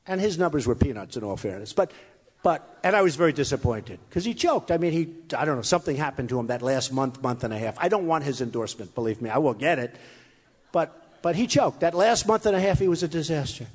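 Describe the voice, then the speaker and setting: A man's voice: fairly high pitch, lively intonation, fast talker, husky. Boastful man rambling to a rally crowd. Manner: boastful, rambling, repeats phrases; mocks his critics in quoted voices. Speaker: political candidate addressing a rally. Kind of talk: off-the-cuff campaign speech. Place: hot crowded room with an audience. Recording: echoey hall, faint crowd.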